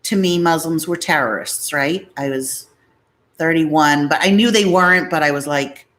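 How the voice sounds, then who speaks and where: Speaking at normal speed in a low, slightly bright voice, a middle-aged Massachusetts woman runs a live-stream. She wanders through stories in relaxed chatter while reading comments from viewers.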